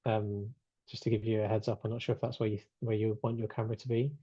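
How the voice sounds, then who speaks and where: A man's voice: lowish voice, flat delivery, fast talker, mellow, slightly rough, no room sound, dull audio. A man hosting an online webinar in casual chat, reading out chat replies with plenty of fillers. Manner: chatty, reads out chat replies, many fillers. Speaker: webinar host. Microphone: video call.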